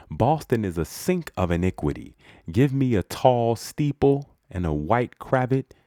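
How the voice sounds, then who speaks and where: A man's voice: low-pitched, darkish tone, dry recording. A man reading an old speech aloud, stopping for dry, wry asides and reading out the crowd's reactions. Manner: dry, wry asides between quoted passages. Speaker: reader.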